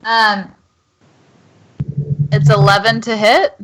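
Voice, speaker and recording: A woman's voice: medium pitch, little pitch movement, slow, a bit bright. A woman playing a tabletop game, chatty and hesitant, checking rules with lots of ums. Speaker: player. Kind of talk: casual tabletop play.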